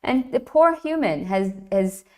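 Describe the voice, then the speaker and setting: A woman guest retelling an ancient myth in lively, enthusiastic conversation, often restarting her phrases. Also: fairly high pitch, a little slow. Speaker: guest, classics writer. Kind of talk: animated myth storytelling in conversation.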